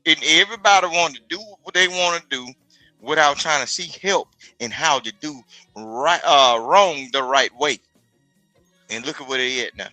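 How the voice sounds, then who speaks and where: A man's voice: a little high, moderate pace, bright, forceful tone, no room sound, faint music behind, poor audio. A man talking in casual chat, telling things in a profane, streetwise way. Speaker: podcast guest.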